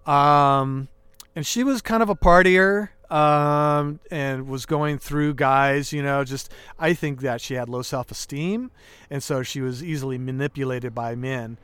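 A man's voice: mid-range voice, a little slow, fairly bright tone, smooth, no echo. A man in his thirties, a podcast guest, earnestly recounting his personal story and acting out the dialogue. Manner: earnest, emotional, acts out quoted dialogue.

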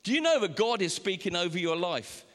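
Man, preacher, sermon, animated, higher-pitched, reverberant church hall. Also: brisk. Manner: animated preaching with sudden high pitch jumps. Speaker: pastor.

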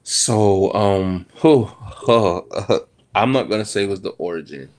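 A man's voice: lowish voice, measured pace. A man talking frankly and animatedly in a casual podcast conversation, swearing now and then.

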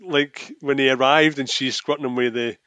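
A man's voice: medium pitch, steady tone, normal speed, pushed and bright, no echo. Laid-back man in a dry recording. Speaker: podcast co-host. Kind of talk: casual film chat.

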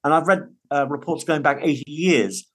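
Man, podcast guest, somewhat high pitch, earnest, emphatic, restarts words. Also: moderate pace, breathy edge. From United Kingdom. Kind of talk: conversational interview.

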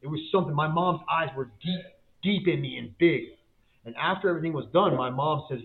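A man's voice: a little high, a little fast, gravelly. A man giving a fervent faith testimony as a guest, in casual slang with frequent repeats and restarts. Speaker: guest, business owner. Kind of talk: emotional faith testimony storytelling. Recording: tinny phone-like line.

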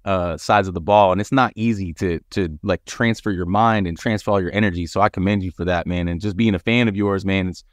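A man's voice: deep voice, fairly even intonation, brisk, few pauses, no room sound. A man hosting a podcast, asking friendly, slightly hesitant questions in a casual interview. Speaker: podcast host.

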